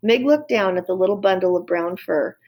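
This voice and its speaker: A woman reading a children's novel aloud in calm, steady storytelling. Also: fairly low pitch, brisk. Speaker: reader.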